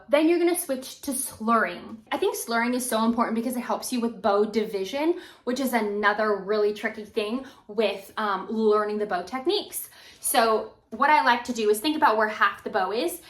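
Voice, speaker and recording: A woman's voice: a little high, fairly bright tone. Woman, violin teacher, casual, encouraging, echoey room. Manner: casual, encouraging, demonstrates while talking. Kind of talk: instructional video talk. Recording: roomy echo.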